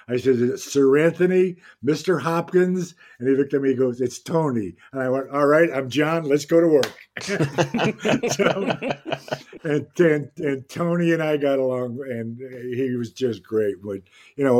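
An older man, a guest actor on an interview podcast, telling anecdotes in a casual, animated way and acting out the lines he quotes. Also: mid-range voice.

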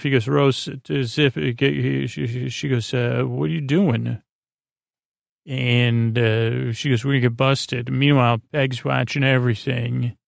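A man with a gravelly, creaky voice retells a story in a flat, deadpan way, stumbling through fillers and "he goes, she goes." The sound is dry and close, with no room around it. He talks like a host easing listeners off to sleep. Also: medium pitch, dry recording. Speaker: podcast host. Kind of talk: rambling episode recap for falling asleep.

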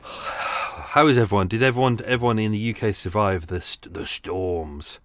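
A podcast host with a lowish, slightly bright voice chats casually at a normal pace, rambling and tossing in self-mocking asides. He's recording at home in a small room on a boat.

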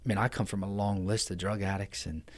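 A man's voice: sits low, little pitch movement, a little fast. Earnest pastor, man, emphatic. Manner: earnest and emphatic, with many fillers like "man" and "you know". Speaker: pastor, podcast guest. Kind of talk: casual testimony in a podcast interview. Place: small podcast studio.

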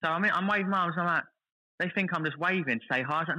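Fast, bright, excitable man telling a story. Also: a little high, poor audio. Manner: animated, excitable storyteller who acts out other people's lines. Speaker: guest. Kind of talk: casual chat, telling a story.

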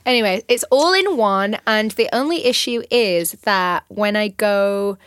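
A woman's voice: mid-range voice, animated, unhurried, a bit bright. A woman with a northern English accent, a podcast guest chatting casually in a studio and often trailing off mid-sentence. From northern England. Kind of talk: casual chat.

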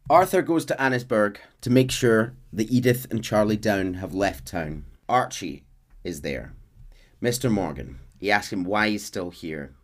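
A man hosting a podcast, casually recapping a game's story in a chatty, animated way. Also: fairly low pitch, measured pace. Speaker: podcast host narrating a game story.

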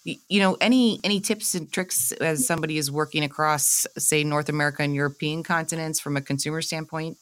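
A woman's voice: low-pitched, brisk, hardly any pauses, fairly bright tone. A woman hosting an interview, asking questions in an enthusiastic, friendly way. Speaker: podcast host.

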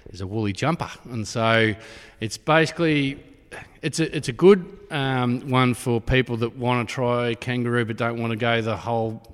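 In a reverberant room, a man who runs a pie shop in Australia talks loosely in an interview, wandering off track with lots of "sort of" fillers. He speaks at normal speed in a clear, resonant, medium-pitched voice.

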